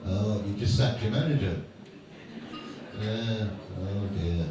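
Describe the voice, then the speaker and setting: A man on stage as a guest speaker at a fan event banters with a live audience in a large hall, telling rambling, self-mocking anecdotes. His voice is on the low side and slow. The recording is noisy, with a distant mic in an echoey hall.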